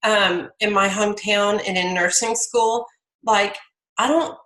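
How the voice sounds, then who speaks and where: A woman's voice: mid-range voice, steady tone, unhurried, fairly bright tone, echoey room, rough recording. A middle-aged woman giving a rambling, chatty motivational talk to her team on a video call. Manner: rambling, chatty, full of fillers and restarts. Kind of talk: casual motivational pep talk.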